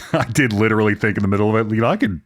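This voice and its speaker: A man co-hosting a casual movie podcast, telling stories in an animated way and swearing casually. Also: on the low side, quick pace, no room sound, studio quality. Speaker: podcast co-host.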